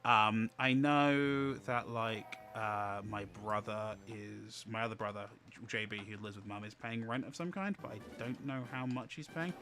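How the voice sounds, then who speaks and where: A man with a bright, forceful voice talking over a stream. He rambles calmly, circling back to fix his phrasing as he goes. A faint room noise sits under him. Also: fairly low pitch, measured pace, hardly any pauses. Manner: rambling, calm, self-correcting. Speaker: streamer co-host. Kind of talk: casual chat.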